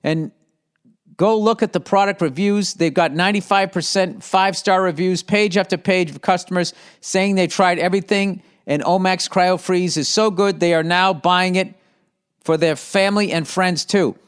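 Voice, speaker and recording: A pompous mock-British ad reader, as a man puts him on, pitched up well above his usual voice. He reads the script in a grand, exaggerated way and keeps stumbling over it. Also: steady tone, normal speed, clean tone, close to an everyday voice. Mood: mock-posh. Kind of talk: comic ad read.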